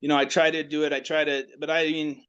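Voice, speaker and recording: Reflective man, halting delivery, dull video-call sound. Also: a little high, level tone, fairly bright tone, clear, resonant tone. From United States. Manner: halting, reflective, many restarts. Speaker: class participant.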